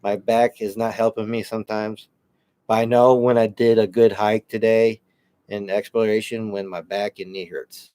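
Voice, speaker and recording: A man co-hosting a paranormal podcast, chatting in a relaxed way, laughing often and reading out listener comments. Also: lowish voice, moderate pace, clean tone. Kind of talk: casual chat. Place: home studio.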